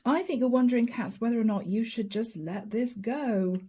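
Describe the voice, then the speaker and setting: A woman's voice: fairly high pitch, moderate pace, breathy edge. A woman giving a chatty tarot reading to camera, slipping into quoted voices. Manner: lively, chatty, often acts out quoted voices and asides. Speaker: tarot reader.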